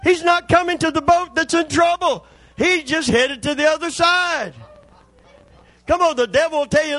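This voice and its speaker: A man's voice: very high-pitched, normal speed, bright, forceful tone, no echo. A man preaching a sermon as pastor, folksy and impassioned.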